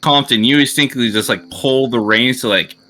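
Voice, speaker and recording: A man's voice: medium pitch, brisk, bright, forceful tone. A man narrating as game master in loose, vivid style, throwing in sound effects.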